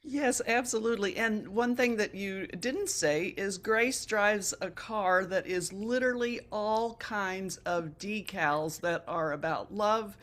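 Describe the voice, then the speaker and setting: A woman, a harpist guest, chatting casually on a video call in an unhurried, friendly way. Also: medium pitch, a bit bright.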